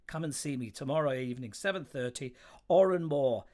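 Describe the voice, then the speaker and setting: A man's voice: mid-range voice, brisk, darkish tone. A middle-aged man, a musician, casually reading old press clippings aloud, with rambling, self-mocking asides. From Scotland. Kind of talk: casual livestream chat.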